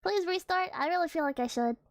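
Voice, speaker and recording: Very high-pitched, flustered young woman. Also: fast talker. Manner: flustered and giggly, stumbling over words. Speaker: streamer. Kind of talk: reading a horror story aloud between chat to viewers.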